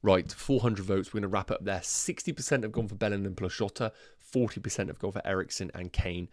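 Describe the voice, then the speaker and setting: Low-voiced man chatting on a livestream. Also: brisk, a little mellow, no room sound, clean studio sound. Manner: chatty, thinks aloud, addresses viewers as guys. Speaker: fantasy football livestream host. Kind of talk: casual livestream chat.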